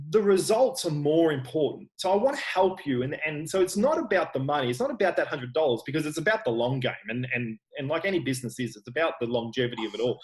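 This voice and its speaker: A man's voice: fairly high pitch, rough recording. An Australian man, a personal trainer, talking frankly and earnestly in a casual interview, often restarting his sentences. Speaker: online personal trainer, guest.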